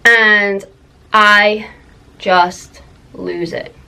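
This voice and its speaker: A young woman telling a personal story in a confessional vlog, halting, full of fillers and close to tears. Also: mid-range voice, fairly even intonation, vocal fry, sharp tone, smooth, low-quality recording. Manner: emotional, halting, many fillers. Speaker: vlogger.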